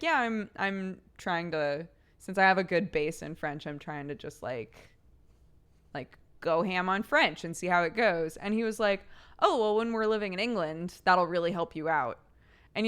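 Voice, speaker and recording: Smooth-voiced woman streamer chatting casually. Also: medium pitch, fairly bright tone. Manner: rambling, laughs often, swears casually. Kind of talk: casual chat.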